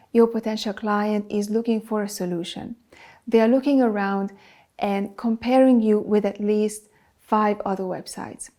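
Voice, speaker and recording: A woman who is not a native English speaker hosts a business advice talk to camera, producing videos for clients. She speaks emphatically and lists items in a steady rhythm. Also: mid-range voice. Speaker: video producer and channel host.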